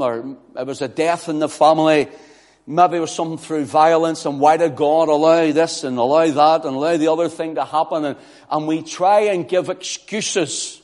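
A man preaching a fervent sermon in a church, swinging between loud declarations and hushed pleading. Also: fairly high pitch. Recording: long reverb of a large hall.

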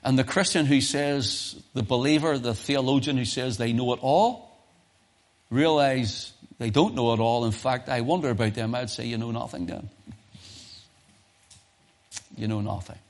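A man preaching a sermon at a church service, moving between loud emphasis and soft low asides, often repeating and restarting his phrases. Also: normal speed. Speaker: pastor.

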